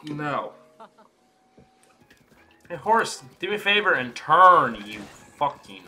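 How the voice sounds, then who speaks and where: A man's voice: on the high side, very animated, slow, long pauses, bright, forceful tone. A young man giving casual let's-play commentary as a gaming YouTuber, swearing and ranting in exasperation at the game.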